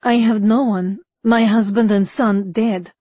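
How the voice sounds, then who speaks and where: A woman's voice: mid-range voice, steady tone, a little slow, warm tone, breathy edge, dry recording. A woman voicing a wary, weary middle-aged Russian woman who speaks in clipped, broken English. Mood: anxious.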